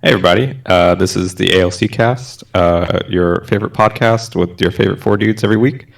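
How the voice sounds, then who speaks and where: A man hosting a casual podcast among friends, soft-spoken and laid-back, swearing freely. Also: sits low, a little fast, gravelly. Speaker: podcast host.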